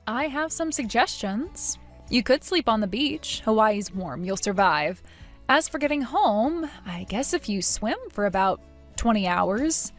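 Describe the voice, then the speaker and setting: A woman's voice: a little high, lively intonation, unhurried, soft background music. A woman narrating a first-person story in a cool, dry, sarcastic and composed manner.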